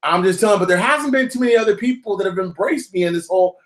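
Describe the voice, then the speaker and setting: A man hosting a live stream, chatting casually and talking straight to his viewers in lively slang. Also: high voice, fast, roomy sound. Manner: animated, slangy, addresses viewers directly. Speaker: host of a live-streamed channel.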